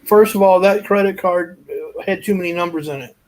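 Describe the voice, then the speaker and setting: A man's voice: high-pitched, brisk, poor audio. A man joking and teasing on a live stream, often stumbling and repeating words. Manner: joking, self-mocking, stumbles over words. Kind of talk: casual joking chat.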